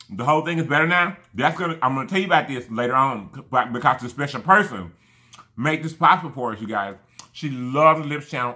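A man's voice: mid-range voice, bright, forceful tone. A man chatting casually to camera while eating, effusive and rambling, thanking his viewers again and again. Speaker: mukbang vlogger.

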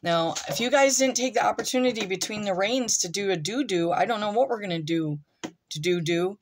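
A woman's voice: mid-range voice, fairly quick, slight background noise. A woman vlogging from home, reading a column aloud and breaking into rambling asides and comments to her pets. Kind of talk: casual reading with off-the-cuff commentary.

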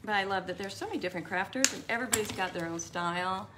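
A woman's voice: medium pitch, racing, background noise. A woman hosting a live craft tutorial, chatting and rambling as she answers viewers by name.

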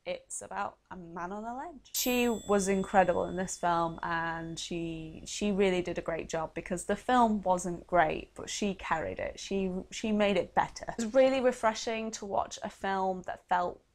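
A young woman giving quick, chatty movie reviews with a sarcastic edge and frequent laughs. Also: mid-range voice. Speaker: film reviewer. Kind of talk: casual movie review vlog.

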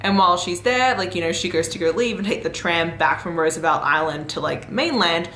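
A young woman vlogging casual book reviews in a chatty, animated way, full of fillers and laughs. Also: on the low side, a little fast, reverberant, slight background noise.

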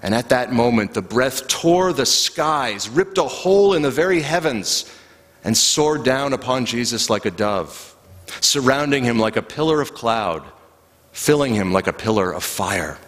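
A man preaching a sermon as a pastor, telling the story in a slow, rhythmic way with long pauses. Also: medium pitch, animated, fairly bright tone. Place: church sanctuary. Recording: live church recording with long reverb.

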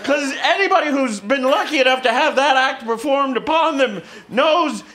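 A man performing a loud, profane stand-up comedy set, laughing as he tells his stories on a club stage. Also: very high voice, expressive, normal speed. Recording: live club recording with crowd noise.

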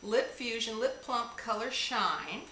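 A woman's voice: fairly high pitch, animated, slow, sharp tone. A woman unboxing a gift package on camera, gushing and gasping with delight at each item. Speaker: beauty vlogger. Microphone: camera on a tripod. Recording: echoey room, audible noise.

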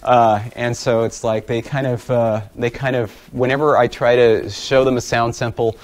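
Steady in tone and speaking at normal speed, a man with a mid-range voice presents slides as a guest lecturer. He keeps things casual, filler-heavy and self-deprecating.

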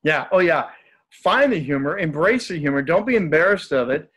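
A man's voice: a little high, expressive, normal speed, fairly bright tone, slightly rough. A man who is a guest speaker, telling stories in a casual, upbeat and joking way. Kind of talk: casual storytelling in conversation.

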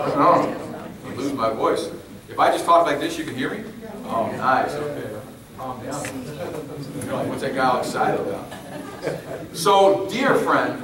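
A man's voice: mid-range voice, moderate pace. A man giving an emphatic public speech to a crowd, repeating his key phrases. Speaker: speaker at a public meeting. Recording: echoey hall from far off, faint noise.

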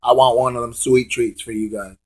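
Hoarse young man ranting. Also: mid-range voice, level tone, fairly quick, a little mellow. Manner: stammering, repeats words, profane and blunt. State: hoarse, lost his voice. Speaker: wrestling fan vlogger. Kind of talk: casual ranting monologue.

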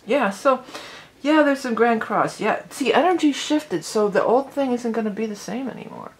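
A woman's voice: on the high side, animated, normal speed. A middle-aged woman hosting an astrology channel, chatting casually and rambling with lots of "you know". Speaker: psychic astrology channel host.

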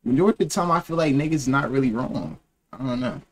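A man's voice: mid-range voice, animated, fast. A young man in his twenties streaming, reacting in loose, joking chat full of slang.

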